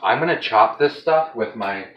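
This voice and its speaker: A man's voice: medium pitch, animated, normal speed, roomy sound, lo-fi sound. A man chatting casually to his viewers while he cooks at home, rambling from one thought to the next. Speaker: home cooking vlogger. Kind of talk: casual cooking vlog chat. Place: home kitchen.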